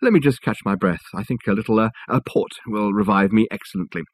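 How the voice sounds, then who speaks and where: An eccentric old college don, voiced by a man reading the book aloud, speaks in formal, old-fashioned phrases. His voice is husky and close to the mic. The sound is dry, with no room around it. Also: fairly low pitch, fast, no echo, lightly acted. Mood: shaken. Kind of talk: audiobook character voice.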